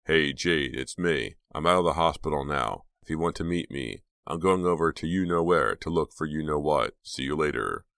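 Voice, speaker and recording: A man's voice: rumbling low, normal speed, gravelly, hardly any pauses, a bit bright, no room sound, clean studio sound, full character voice. A man voicing a teenage boy leaving a casual, offhand answering machine message.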